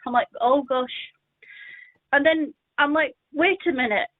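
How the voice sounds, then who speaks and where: A woman calling in to a radio show, telling a childhood story in an animated way and acting out the voices. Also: sits high, measured pace, no echo. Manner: animated, acts out the quoted voices. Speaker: caller. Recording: dry tinny phone line.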